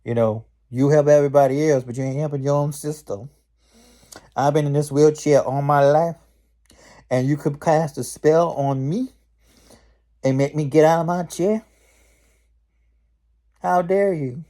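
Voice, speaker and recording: A man's voice: mid-range voice, level tone, drawn-out words, hardly any pauses, warm tone, smooth. A man voicing a whiny, spoiled young witch who sasses and complains about her sister. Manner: sassy, complaining, mock-dramatic.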